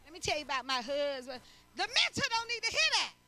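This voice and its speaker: A middle-aged woman preaching a sermon, her voice very high and strikingly bright. She talks to the congregation in a lively, conversational way, using everyday speech and acting out small back-and-forth dialogues. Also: fast talker. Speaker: prophetess preaching.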